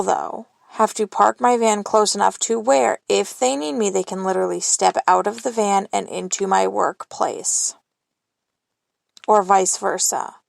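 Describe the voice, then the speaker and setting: A woman's voice: medium pitch, creaky, dry recording. A young woman hosting a solo podcast, rambling candidly into her phone and swearing casually. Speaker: podcast host. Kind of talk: solo confessional monologue.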